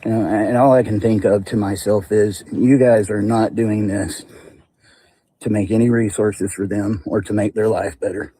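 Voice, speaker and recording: A man's voice: on the low side, fairly even intonation, moderate pace, mellow, slightly rough. A man in a played clip, giving blunt, critical commentary in a casual way.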